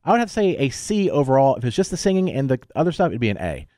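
A male radio host talks with a lively, bouncing pitch and a playful, teasing edge. His voice is close and dry, with no room sound. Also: very fast, no echo. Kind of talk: morning radio banter. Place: radio studio.

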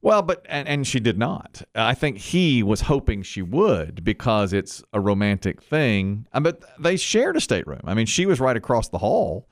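Earnest, animated male co-host. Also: medium pitch, normal speed, hardly any pauses, dry recording, studio quality. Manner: earnest, argumentative, stammering. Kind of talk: casual banter.

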